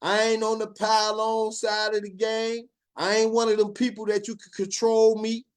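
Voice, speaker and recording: A man's voice: high-pitched, moderate pace, clear, resonant tone. A middle-aged man, hosting a podcast and speaking in an emphatic, drawling monologue. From Chicago. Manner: animated, emphatic, drawling storytelling with laughs. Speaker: podcast host. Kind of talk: opinionated monologue.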